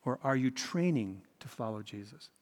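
A man preaching a sermon as pastor, telling the story with expressive, dramatic emphasis. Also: medium pitch, moderate pace. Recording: reverberant hall.

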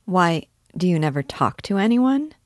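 A woman's voice: lowish voice, big pitch swings, normal speed, no room sound, studio quality. Nastenka, a woman reading a teasing young girl. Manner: teasing, eager questions. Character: lively playful young woman, teasing and curious. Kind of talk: audiobook character reading.

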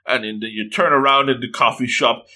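A man's voice: medium pitch, fairly quick. A man animatedly retelling a comic story in casual chat, full of exclamations. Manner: animated, exclamatory, voices the characters.

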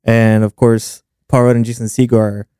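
A man co-hosting a casual movie podcast, recapping the plot in a relaxed, laid-back way. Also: mid-range voice, moderate pace, clear, resonant tone, dry recording, studio quality. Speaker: podcast co-host. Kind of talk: casual film-review chat.

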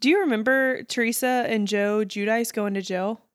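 A woman co-hosting a podcast, talking in a relaxed, chatty way in casual conversation. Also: on the high side, moderate pace, smooth, no echo, clean studio sound. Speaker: podcast co-host. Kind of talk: casual chat.

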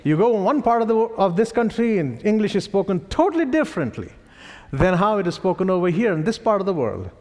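A man's voice: sits high, fast. A man with an Indian accent preaching a sermon, telling stories with chuckles between lines. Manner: animated storytelling with chuckles. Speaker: pastor. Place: church sanctuary. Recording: reverberant church hall.

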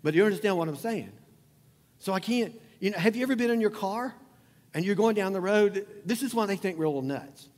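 Middle-aged male pastor, higher-pitched voice, chatty preaching style with jokes and questions to the crowd, long church-hall reverb. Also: animated, a little fast, darkish tone. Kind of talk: sermon.

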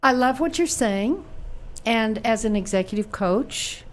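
A woman's voice: a little high, animated, unhurried. A woman hosting an interview show, encouraging and eager as she reacts to her guest. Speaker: podcast host, executive coach. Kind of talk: interview host.

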